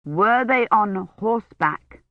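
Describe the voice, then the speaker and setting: A woman reading a kind young male knight who speaks slowly and over-distinctly. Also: mid-range voice, lively intonation, no room sound, dull audio, pitched above the performer's own voice. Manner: slow, over-distinct, emphatic speech.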